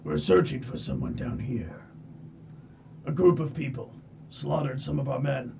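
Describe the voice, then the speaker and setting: A man voicing a stern male deep-dwarf patrol leader in a tabletop game, speaking in curt, commanding orders with a gravelly voice. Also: unhurried, warm tone, recorded from a distance, a little hiss or hum.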